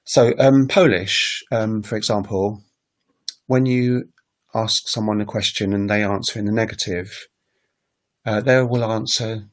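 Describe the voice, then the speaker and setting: A man hosting a casual livestream about language learning, rambling with many ums and self-corrections and saying example phrases aloud. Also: mid-range voice.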